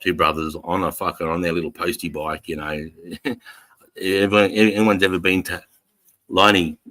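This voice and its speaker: A man's voice: deep voice, level tone, normal speed, bright, forceful tone, dry recording, low-quality recording. An Australian man in his forties hosting a casual livestream, blunt and sweary as he reads the chat and greets viewers as brothers. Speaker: livestream host reading chat.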